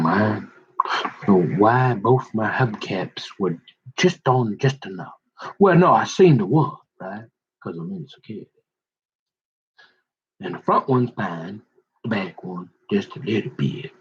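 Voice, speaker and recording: A man with a husky, fairly low voice tells a long personal story in a rambling, casual monologue, heard through dull audio. Speaking straight to his listener, he keeps checking in with "right?" and "mm-hmm," drawing things out and meandering with many restarts.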